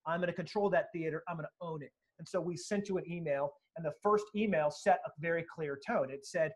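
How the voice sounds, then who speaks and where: A man with a fairly high speaking voice talks through an interview answer at full energy. He is emphatic and animated, acting out quotes in other voices as he explains a sales method. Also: quick pace, few pauses. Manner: animated, emphatic, acts out quotes, occasional profanity. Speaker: sales speaker and author, guest.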